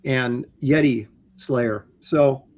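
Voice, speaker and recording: A man's voice: medium pitch, drawn-out words, darkish tone. A man co-hosting a casual livestream chat, reading out viewer comments with many ums and mock-stern banter.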